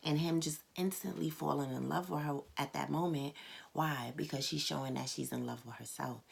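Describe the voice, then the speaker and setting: Woman, low and very gravelly voice, blunt casual tarot reader, noisy recording. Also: fairly even intonation, moderate pace. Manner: candid and blunt, swears, addresses viewers as "baby" and "cat".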